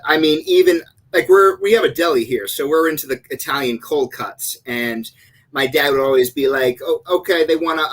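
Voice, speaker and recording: A man in his thirties, a shop-owner guest in a casual chat, easygoing and quick to laugh, with some stammering. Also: on the high side, a bit bright, rough recording.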